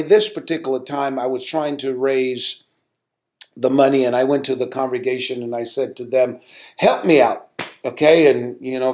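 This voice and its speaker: Animated storytelling male pastor. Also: sits high. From United States. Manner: animated, repeats words, rises sharply when telling of anger. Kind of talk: storytelling sermon talk.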